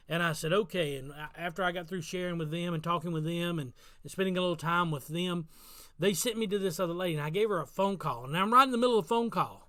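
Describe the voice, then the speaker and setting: A man's voice: high-pitched, fast, pushed and bright, no room sound, clean studio sound. A middle-aged man, a pastor, preaching a daily devotional sermon outdoors on his front porch, telling stories earnestly and repeating key phrases for emphasis.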